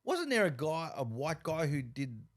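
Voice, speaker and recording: Animated male comedian, casual chat. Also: on the high side, normal speed. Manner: animated storyteller, repeats and restarts while gesturing with his voice. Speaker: comedian and show host. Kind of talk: casual conversation.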